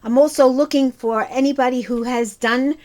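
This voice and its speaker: In this casual show-and-tell, the crafting channel host from Brooklyn, New York talks at a normal speed in a high voice with a darkish tone and fairly even intonation. She's enthusiastic about the craft projects she's showing, rambling and restarting a few times.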